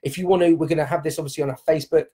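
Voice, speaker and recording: A man's voice: on the high side, steady tone, very fast, dark tone. A man hosting a live stream from home, giving viewers an upbeat, encouraging motivational talk and speaking straight to them. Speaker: live-stream host, dance company leader. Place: at home during lockdown.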